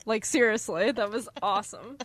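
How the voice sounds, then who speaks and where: A woman's voice: medium pitch, normal speed, slightly rough, no room sound. A young woman co-hosting a podcast, chatting casually about a book, teasing and laughing easily. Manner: giggly, teasing, laughs loudly. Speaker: podcast co-host. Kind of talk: casual book discussion chat.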